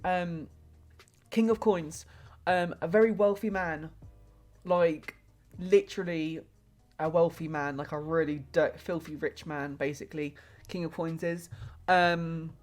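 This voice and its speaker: A young woman with a slightly low voice talks through a live tarot reading, rambling and hesitant. She fills her sentences with fillers and restarts, and faint music plays softly behind her. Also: steady tone, unhurried. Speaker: tarot reader and streamer. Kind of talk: live-streamed tarot reading, casual chat.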